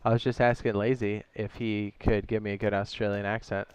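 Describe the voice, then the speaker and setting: A man's voice: fairly low pitch, little pitch movement, brisk, a little mellow, clean tone. A man hosting his own game live stream, chatting casually, reading viewers' messages aloud and often correcting himself. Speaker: streamer and server host.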